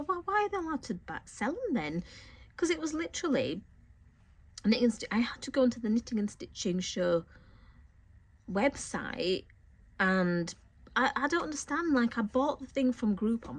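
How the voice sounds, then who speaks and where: Chatty woman with a cold. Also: a little high. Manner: chatty, animated storytelling. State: has a cold, coughing and short of breath. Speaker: sewing vlogger. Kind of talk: casual haul vlog.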